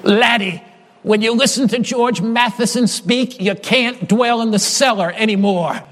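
A preacher voicing a poor old woman from Scotland, putting on a low, homely Scottish brogue. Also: measured pace, a bit bright, exaggerated voice. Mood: earnest. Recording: long hall reverb.

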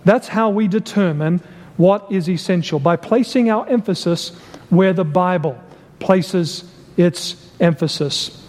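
Man, preacher, high voice, emphatic sermon, repeats phrases, long hall reverb. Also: darkish tone. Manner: deliberate, emphatic, repeats key phrases, asks rhetorical questions.

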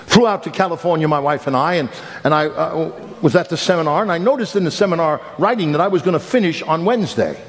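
A middle-aged male pastor preaching a sermon, telling a personal story with humor and wide swings in his voice. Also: quick pace. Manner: animated storytelling with humor and big pitch swings. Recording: echoey hall with faint ambience.

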